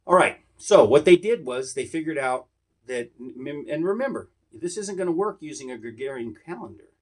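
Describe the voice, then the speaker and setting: A man's voice: fairly high pitch, lively intonation, normal speed. A man hosting a casual Bible lesson, explaining in a rambling, conversational way full of asides. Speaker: Bible teacher, host.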